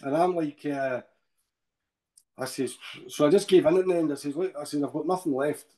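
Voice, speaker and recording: A Scottish man speaks as a podcast guest in a soft, mellow voice pitched a little high. He tells his story with feeling, halting and restarting, and tags his sentences with "eh?". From Scotland. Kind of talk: personal account in a podcast interview.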